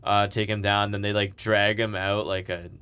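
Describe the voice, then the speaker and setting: Podcast guy, lowish smooth voice, rambly casual recap, lots of likes and ums. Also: little pitch movement, normal speed, sharp tone. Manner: rambling, filler-heavy recapping with laughs. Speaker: podcast co-host.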